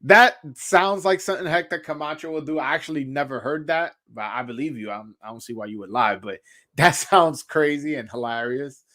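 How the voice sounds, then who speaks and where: A man's voice: a little high, moderate pace, pushed and bright. A man, hosting a casual boxing talk stream and rambling with lots of fillers and slang. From Brooklyn, New York. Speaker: boxing show host. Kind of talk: casual livestream chat.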